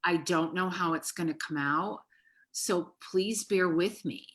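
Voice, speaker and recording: A woman talks on a podcast with a bright, clear voice. She tells stories in an animated, lightly swearing way, like a therapist chatting casually. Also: fairly low pitch, measured pace.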